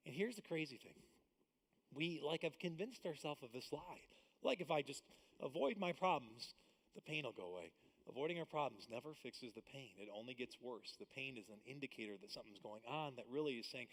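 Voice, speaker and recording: A man preaching a live church sermon, swinging between loud emphatic bursts and hushed asides. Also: medium pitch, animated, fairly quick. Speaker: pastor. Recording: long hall reverb.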